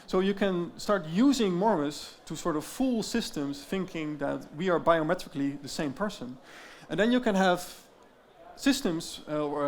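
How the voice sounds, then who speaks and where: Guy with a pretty high voice doing a conference talk, explains stuff, some uhs and ums. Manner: explanatory, with fillers and asides. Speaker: startup founder giving a talk. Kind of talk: conference presentation.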